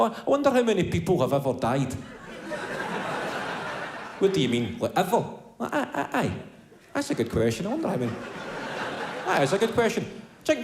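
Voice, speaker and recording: Animated comic with a lively, high voice. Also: male voice, background noise. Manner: animated, swearing, storytelling. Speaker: stand-up comedian. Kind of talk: stand-up routine. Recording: live comedy hall, crowd laughter.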